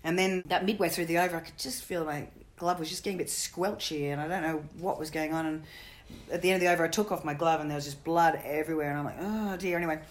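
In a casual interview, a middle-aged woman who played cricket and later coached shares jokey stories at a quick clip. She speaks in a low, steady tone.

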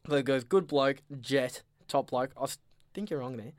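A man's voice: medium pitch, moderate pace, no room sound. Laid-back Australian man, dry mic. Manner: laid-back, rambling and joking. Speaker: podcast co-host. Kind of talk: casual podcast banter.

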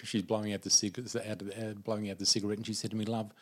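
A man's voice: fairly low pitch, very fast. A middle-aged Australian man telling stories in a conversational way as a podcast guest, laughing often. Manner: laughs through his stories, animated. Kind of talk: conversational storytelling.

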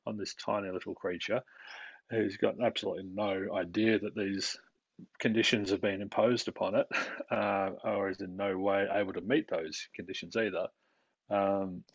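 A man, a mental health practitioner explaining his work in a calm, steady way during a podcast interview. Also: fairly low pitch, slightly rough, no room sound. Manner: calm, explanatory, with light laughs. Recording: dry, dull lo-fi recording.

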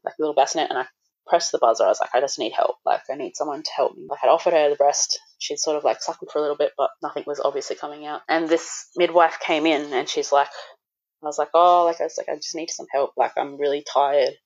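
Low-voiced woman telling her birth story candidly. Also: steady tone, fast talker, lo-fi sound. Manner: candid, full of "like", swears now and then. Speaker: guest. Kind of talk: recounting a personal birth story.

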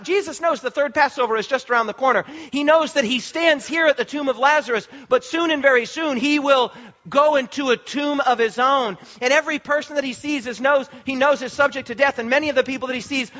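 A male preacher with a very high, bright, forceful voice delivers an impassioned sermon. He slows down and repeats phrases for emphasis. The recording sounds dull and lo-fi. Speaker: pastor.

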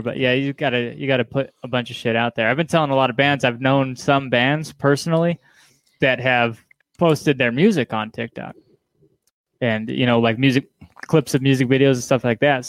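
A man's voice: mid-range voice, brisk, no room sound. A man hosting a casual podcast chat, laid-back and profane, laughing easily. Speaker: podcast host.

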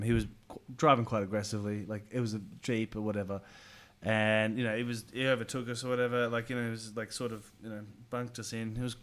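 A young man in casual podcast chat, rambling through stories and loudly acting out what people said. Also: lowish voice. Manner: rambling storyteller, acts out quotes loudly.

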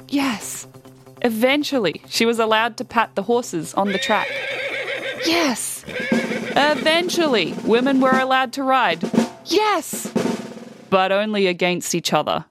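Lively woman reading a story. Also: mid-range voice. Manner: lively, voices the characters.

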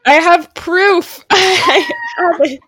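A young woman co-hosting a podcast in casual chat, chatty and quick to laugh, with many fillers. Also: very high voice, pushed and bright, dry recording, studio quality. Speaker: podcast co-host.

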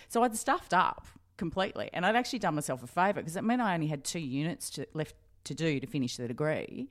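Brief: middle-aged Australian woman, low voice, lively anecdotes, laughs a lot. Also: fast, few pauses. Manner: animated, laughing, acts out past dialogue. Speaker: guest journalist. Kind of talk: storytelling interview.

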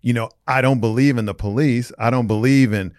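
A man's voice: medium pitch, a little fast, no echo, studio quality. A man co-hosting a sports talk show, rambling and joking in casual chat. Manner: animated, rambling, jokey. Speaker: podcast co-host.

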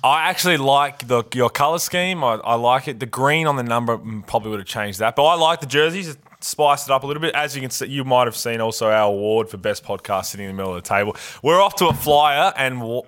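A man's voice: medium pitch, lively intonation, fast talker, hardly any pauses, a bit bright. Laid-back aussie guy co-hosting a basketball podcast, ribbing his mate. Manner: easygoing, teasing. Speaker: podcast co-host. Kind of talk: casual sports podcast chat.

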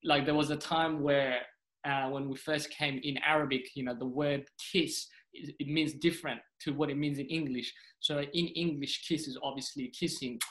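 A young man from Sudan chats casually as a stand-up comedian guest on a podcast. His voice sits a little higher than most men's, and he tells his stories with animated energy. He slips into acted-out voices for the people he quotes. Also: normal speed, low-quality recording. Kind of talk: casual storytelling chat.

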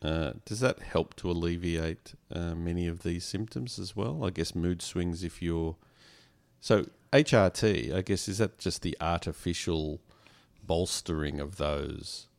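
Podcast co-host, man, very low gravelly voice, asks short hesitant questions. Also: measured pace, darkish tone. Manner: brief questions with hesitant fillers. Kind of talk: casual chat.

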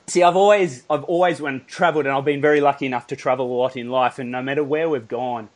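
A man's voice: mid-range voice, steady tone, fast. A man with an Australian accent hosting a podcast, chatty and rambling, laughing often. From Melbourne, Australia. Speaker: podcast host. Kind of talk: casual interview chat.

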